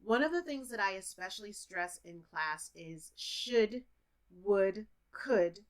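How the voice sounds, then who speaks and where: A woman's voice: mid-range voice, animated, slow pace. A woman English teacher giving a close-up pronunciation lesson to camera, playfully repeating words to model their sounds.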